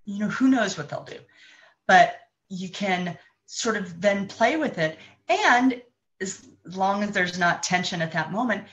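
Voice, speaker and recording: A woman's voice: medium pitch, animated, unhurried, a bit bright. A woman speaking as a parenting coach in a live-streamed advice talk, conversational and thinking aloud with frequent restarts.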